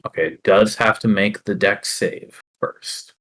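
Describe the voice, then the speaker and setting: A man narrating a tabletop game as its dungeon master, in a lowish voice. He talks slowly and deliberately, filling pauses with hums and restarts as he describes what happens. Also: flat delivery, a bit bright, rough recording. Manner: slow, measured narration with many fillers.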